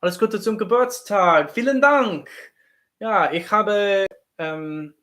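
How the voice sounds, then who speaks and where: A professional actor chats casually on a livestream, reading and answering viewers' messages while poking fun at himself. His voice sits high and has a sharp tone, and he takes his time.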